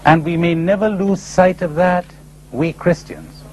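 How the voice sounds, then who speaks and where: A man from India gives a spiritual lecture, animatedly telling stories and voicing characters with sudden high pitch jumps. He speaks unhurriedly over slight background noise in a rough recording.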